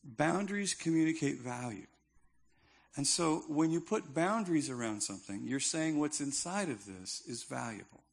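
A man's voice: a little high, sing-song, moderate pace, vocal fry, few pauses, slightly rough. A male pastor preaching a sermon in a conversational, emphatic style with touches of humor.

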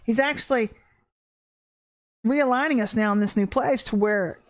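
Earnest higher-voiced woman preaching. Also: moderate pace. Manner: earnest, animated, repeats phrases for emphasis. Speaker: preacher hosting a livestream devotional. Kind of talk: informal livestream sermon.

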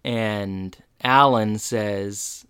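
Smooth-voiced man chatting a recap. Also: fairly low pitch, drawn-out words. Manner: relaxed storytelling with fillers and laughs. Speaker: podcast co-host. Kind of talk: casual episode recap chat.

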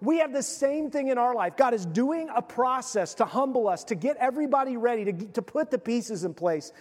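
A man preaching a sermon, retelling a Bible story with animated, casual acted-out voices. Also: very high voice, fairly quick, in a large hall. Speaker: pastor.

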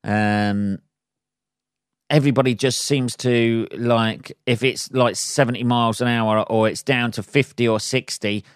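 A man's voice: mid-range voice, steady tone, unhurried, clean tone, no echo, studio quality. A man, a stand-up comedian hosting a casual solo podcast, rambling and swearing freely and laughing at his own jokes.

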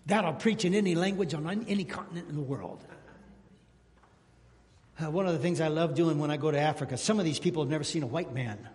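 Pastor, man, high-pitched voice, lively preaching style, big reverberant sanctuary. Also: quick pace. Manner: animated preaching, calls out to the congregation. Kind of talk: sermon. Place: church sanctuary.

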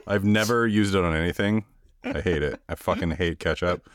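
Low-voiced blunt podcast co-host man. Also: normal speed, no room sound. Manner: blunt, laughs often, swears freely. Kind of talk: casual chat.

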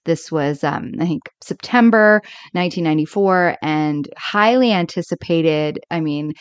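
A woman's voice: low voice, measured pace, clean tone, dry recording, dull audio. A woman co-hosting a podcast, chatting with enthusiasm about sitcoms and using many fillers. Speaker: podcast co-host. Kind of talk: casual chat about sitcoms.

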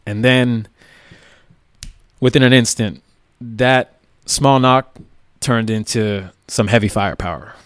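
A man's voice: mid-range voice, takes it slowly, long pauses, smooth, no echo, studio quality. A police tactical officer, a man, recounting events in a plain-spoken, casual way with lots of "like" and "right?". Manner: plain-spoken, many fillers like "like" and "right?", occasional swearing.

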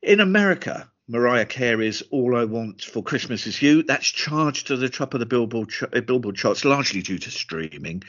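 British man, podcast co-host, jovial, teasing, animated pitch, dull sound. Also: normal speed, hardly any pauses. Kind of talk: casual chat.

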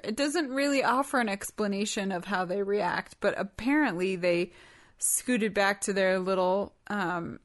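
A woman co-hosting a podcast, recapping a movie in casual chat with dry, wry asides. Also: mid-range voice. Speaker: podcast co-host.

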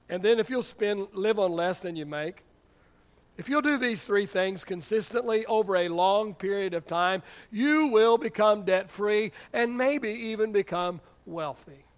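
A middle-aged man preaching a sermon as pastor, emphatic, with rhetorical questions and playful asides. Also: high voice.

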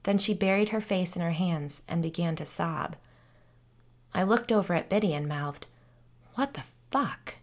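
A woman podcast host narrating a first-person story in a steady, conversational storytelling way. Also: lowish voice, normal speed.

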